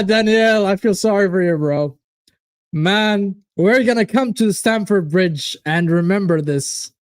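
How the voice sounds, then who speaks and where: An excitable man gives live fan reactions during a football watchalong. He talks casually and directly to viewers in chat, in an unhurried drawl. The recording is dry and close to the mic, with no room sound. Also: sits high, no room sound. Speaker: watchalong host.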